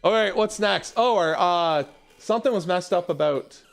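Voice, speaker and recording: A young Canadian man hosts a casual livestream from a basement room in his home, his voice sitting high and gravelly at a moderate pace over faint music. Hyped and chatty, he talks straight to his viewers, reading chat and calling them "baby" and "y'all."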